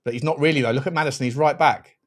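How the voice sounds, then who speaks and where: A fairly high-voiced man hosts a live football watchalong for his fan channel. He talks over the match with excitable energy, animated and quick to break into laughter or swearing.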